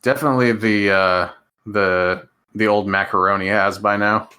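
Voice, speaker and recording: A man co-hosting a podcast in casual chat, measured and hesitant with dry humor. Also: on the low side, steady tone, sharp tone. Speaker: podcast co-host.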